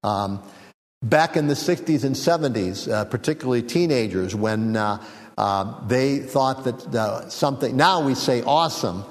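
Slow-speaking preacher in a reverberant hall. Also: male voice, medium pitch. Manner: unhurried, reflective teaching with frequent fillers and small jokes. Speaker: pastor. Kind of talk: sermon.

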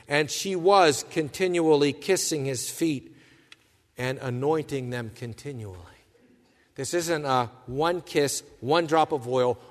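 Impassioned preacher man in a reverberant hall. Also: medium pitch. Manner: impassioned, swings from hushed to loud and emphatic. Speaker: pastor. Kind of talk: sermon.

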